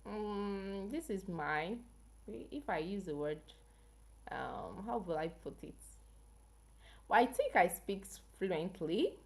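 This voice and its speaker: A woman's voice: medium pitch, animated, slow pace, gravelly, pauses often. A woman from Africa hosting a casual health livestream, chatting with viewers and asking them questions. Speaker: health channel livestream host.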